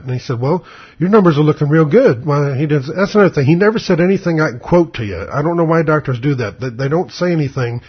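Older man, husky voice, blunt and sarcastic, rambling storyteller, dull lo-fi recording. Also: on the high side. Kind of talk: casual spoken monologue.

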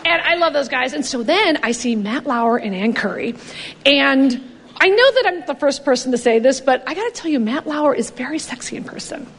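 A woman telling a brash, animated stand-up story on stage, laughing through her punchlines. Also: high voice, moderate pace. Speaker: stand-up comedian. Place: comedy stage before a live audience. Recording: stage mic in a hall with loud audience.

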